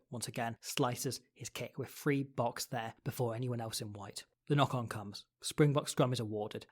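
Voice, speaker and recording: A male host talks through match footage in a scripted analysis voice-over, keeping it brisk and dryly playful. His voice sits at an ordinary mid pitch. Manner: quick, wry, playful narration with jokes and word games. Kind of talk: scripted rugby analysis narration.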